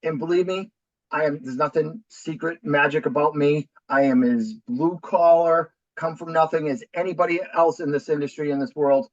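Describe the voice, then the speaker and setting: A man's voice: fairly high pitch, fairly even intonation, moderate pace, no room sound, muffled recording. A man in his forties from New Hampshire with a thick Boston accent, a talkative and upbeat podcast guest telling his story. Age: 40s. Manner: upbeat, talkative, self-deprecating. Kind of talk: casual interview.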